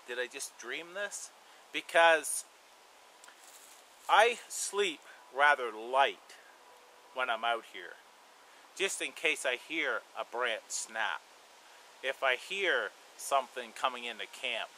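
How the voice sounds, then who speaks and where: A man hosting a bushcraft and survival channel, telling a story in a relaxed, rambling way with lots of "you know" fillers. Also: mid-range voice, a little hiss or hum, poor audio. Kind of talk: casual spoken storytelling.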